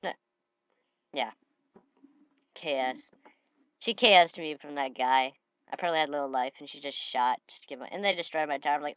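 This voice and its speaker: A slightly sniffly woman giving excitable gameplay commentary, breaking into shouted trash talk. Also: deep voice, a little fast, clear, resonant tone, no echo. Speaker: gamer.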